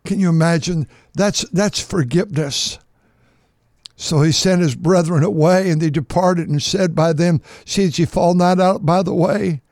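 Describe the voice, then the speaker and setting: A man preaching a sermon, reading scripture aloud and repeating phrases for emphasis, swinging from loud outbursts to hushed tones. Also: high voice, moderate pace, no echo, studio quality. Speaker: pastor.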